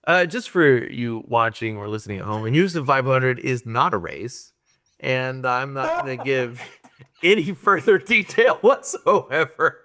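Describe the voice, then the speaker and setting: A man's voice: medium pitch, animated, unhurried, sharp tone, a little hiss or hum. A man hosting a casual movie-review podcast, animatedly retelling the plot and laughing at it. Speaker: podcast host.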